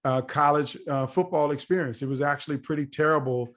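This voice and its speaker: A man in his forties, a podcast guest telling a story in a casual, animated way and acting out the dialogue. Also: fairly high pitch, fairly quick. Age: 40s. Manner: animated, acts out quoted dialogue.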